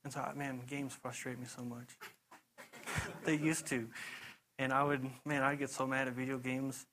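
A young man gives a casual sermon testimony in a loose, chatty way, speaking at a measured pace with an ordinary middle pitch. He rambles through animated stories, piling on "you know" and laughing, while the poor audio carries a faint hiss underneath.

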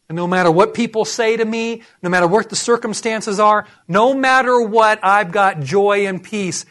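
A man preaching a sermon as pastor, animated and acting out voices as he goes. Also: high voice, normal speed, few pauses.

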